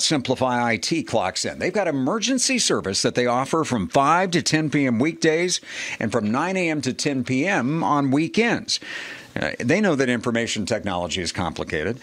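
Man, casual local broadcast, folksy chatty manner, weather and ads, mid-pitched voice. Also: fairly bright tone. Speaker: weather forecaster and co-host.

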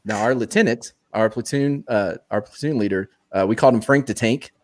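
A man and former soldier telling a story in casual live-show chat, animated and laughing often. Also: mid-range voice, fairly quick.

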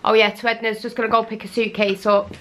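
A woman's voice: fairly high pitch, flat delivery, fast. Manc woman rambling on in a vlog, chatty and laughy, loads of noise behind. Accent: Mancunian. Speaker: vlogger. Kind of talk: casual vlog chat. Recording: loud background noise.

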